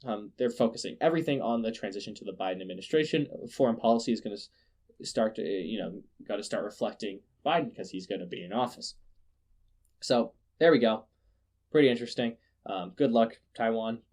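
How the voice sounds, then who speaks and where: A man hosting a casual news podcast, sarcastic and quick to laugh, often restarting his words. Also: lowish voice, a little mellow. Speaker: podcast host.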